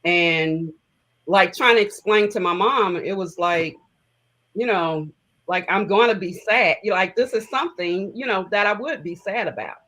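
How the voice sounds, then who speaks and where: A woman's voice: mid-range voice, a little slow, a bit bright, low-quality recording. Middle-aged woman, interview guest, heartfelt conversational storytelling, fillers. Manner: emotional, conversational, many fillers.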